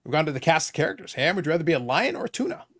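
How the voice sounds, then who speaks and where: A man's voice: on the high side, sing-song, very fast, a bit bright, no echo, clean studio sound. A man hosting a live stream, reading viewer comments aloud and joking with his co-hosts in casual banter. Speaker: livestream host.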